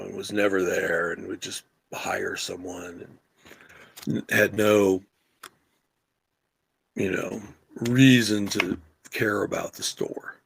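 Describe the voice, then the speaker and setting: A middle-aged man co-hosting a podcast, telling a story in casual, animated chat and swearing freely. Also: sits low. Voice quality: gravelly, husky. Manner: animated, profane storyteller who yells quoted lines. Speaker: podcast co-host.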